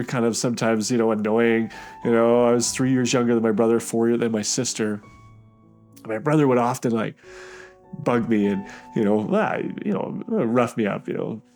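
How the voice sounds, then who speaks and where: Gravelly man telling his life story. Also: medium pitch, darkish tone. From Canada. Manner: halting, conversational, with frequent restarts and fillers. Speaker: guest sharing his testimony. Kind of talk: personal testimony storytelling.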